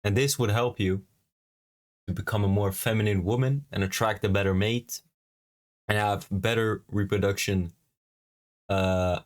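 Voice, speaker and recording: A man reacting to a clip, talking bluntly and scornfully, swearing and pausing on fillers. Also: sits low. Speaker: reaction video host. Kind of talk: profane reaction commentary.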